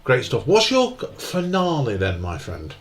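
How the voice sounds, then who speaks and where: A man's voice: medium pitch, huge pitch swings, a little slow, a little hiss or hum. A man hosting a casual chat, giving enthusiastic, informal praise. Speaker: host.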